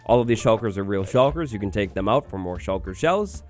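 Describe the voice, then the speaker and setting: An excitable, upbeat man hosting a gaming video, giving gameplay commentary and chatting to the creature on screen. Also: fairly low pitch, brisk, faint music behind.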